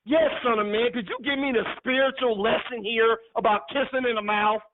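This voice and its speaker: A man delivers a sermon with emphatic, teasing force, breaking into laughs as he drives points home. His voice sits high. The sound is thin and tinny, like a phone line. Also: steady tone, brisk, slight background noise. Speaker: preacher. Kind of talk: sermon teaching.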